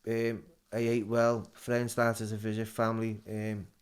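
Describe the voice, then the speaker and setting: A man's voice: lowish voice, completely flat delivery, a little slow, clear, resonant tone. A middle-aged man with a Liverpool accent, a guest telling his story in a casual interview, stumbling and repeating words as he goes.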